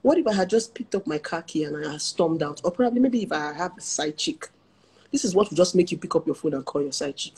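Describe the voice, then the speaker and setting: Husky Nigerian woman, frank and animated. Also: fairly low pitch, quick pace. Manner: animated, frank, laughs while telling stories. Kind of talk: casual chat and personal storytelling.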